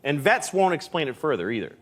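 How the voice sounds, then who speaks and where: A man guest telling a rambling, self-mocking comic story, with sudden shouted outbursts. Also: fairly high pitch, big pitch swings, fast, breathy edge. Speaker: comedian guest. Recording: very noisy recording.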